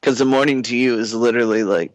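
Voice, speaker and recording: A man's voice: medium pitch, fairly even intonation, fast, dry recording. A man co-hosting a casual podcast who laughs easily and throws in teasing one-liners. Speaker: podcast co-host. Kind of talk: casual chat.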